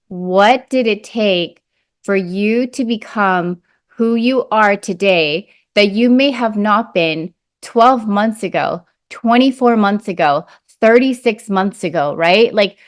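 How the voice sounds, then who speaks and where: A woman's voice: medium pitch, clean tone. Woman host with a mid-range voice, earnest motivational delivery peppered with fillers. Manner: earnest, repeats "like" and "right?". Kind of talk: motivational chat.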